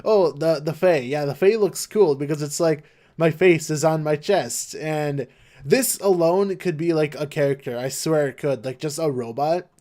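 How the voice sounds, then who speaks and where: Young male streamer, flat low-energy monotone, rambly casual chat, slightly higher voice. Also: normal speed. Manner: rambling with many fillers and restarts. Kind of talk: casual live-stream chat while gaming.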